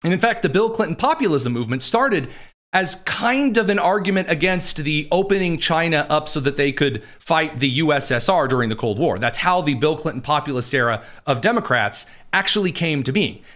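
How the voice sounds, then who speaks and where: A man's voice: on the high side, animated, fairly quick, fairly bright tone. A man hosting a political commentary show, talking in a sarcastic, rambling way. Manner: sarcastic, digressive. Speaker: host.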